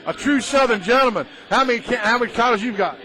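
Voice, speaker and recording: Man, tournament interviewer, high voice, enthusiastic, praising. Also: expressive, quick pace, sharp tone. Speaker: host and interviewer. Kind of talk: event interview and commentary. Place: martial arts tournament at a hotel.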